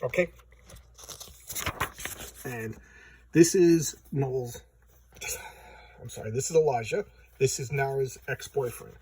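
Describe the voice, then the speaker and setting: A man's voice: mid-range voice, takes it slowly, pauses often, background noise. A man casually retelling a comic's plot in a rambling, stammering way. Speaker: comic book reviewer.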